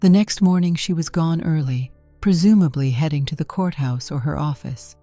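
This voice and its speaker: A woman narrating a story in a calm, measured way from a script. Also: sits low, no room sound. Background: faint music.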